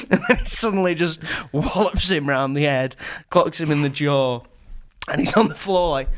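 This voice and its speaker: A man's voice: on the high side, a little fast, fairly bright tone. A young man from northern England telling a comic story on a podcast, laughing often and acting out the people in it. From St Helens, England. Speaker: podcast co-host. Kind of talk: casual comedic storytelling.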